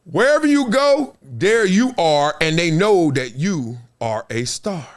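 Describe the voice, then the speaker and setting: A fifty-year-old man hosting a podcast, telling slangy stories, acting out the voices in them and laughing often. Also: medium pitch. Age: 50s. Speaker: podcast host. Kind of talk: animated storytelling.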